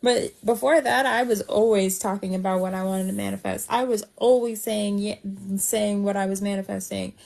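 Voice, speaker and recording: Chatty woman with a gravelly voice. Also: mid-range voice, steady tone, moderate pace, few pauses, darkish tone. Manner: chatty, full of fillers. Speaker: guest. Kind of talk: casual live chat.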